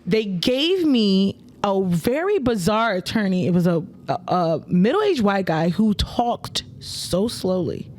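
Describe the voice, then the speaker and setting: Animated, profane woman telling stories. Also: mid-range voice, takes it slowly, few pauses. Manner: acts out quoted voices loudly. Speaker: podcast co-host. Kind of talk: casual chat, storytelling.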